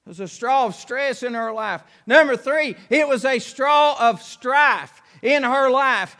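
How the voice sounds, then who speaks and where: A man's voice: very high-pitched, a little slow, few pauses, sharp tone. A man preaching a sermon, telling a story in a folksy way and acting out its scenes.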